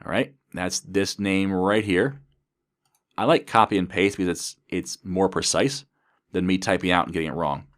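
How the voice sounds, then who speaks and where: Speaking at a normal speed in a low-pitched voice, this man teaches programming by narrating his code step by step as he types, in a methodical way.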